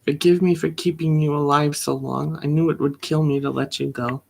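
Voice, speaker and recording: A remorseful, grieving heart speaks slowly and haltingly to its dying owner, as a poet reads it aloud, repeating words as it goes. The pitch sits in the middle. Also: flat delivery, gravelly, darkish tone, a little hiss or hum, close to an everyday voice. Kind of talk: poetry reading.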